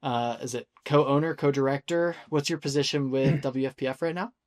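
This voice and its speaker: A man hosting a casual interview, asking questions in a relaxed conversational way. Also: medium pitch, fairly quick. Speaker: host.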